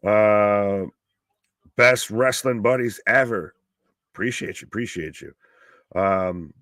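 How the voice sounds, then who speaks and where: A man talks through a wrestling show live, casual and quick to swear or cheer when something catches him off guard. His voice sits a bit low and comes over a close mic with a dry sound. He chats loosely, as if to an audience watching along. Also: no room sound. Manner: excitable, swears, pops loudly at surprises. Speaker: alternative commentary host.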